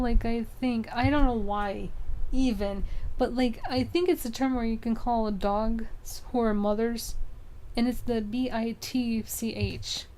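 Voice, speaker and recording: Chatty young woman with a light high voice. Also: a little mellow. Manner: rambling, many fillers, frequent laughs. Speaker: streamer. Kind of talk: casual stream chat.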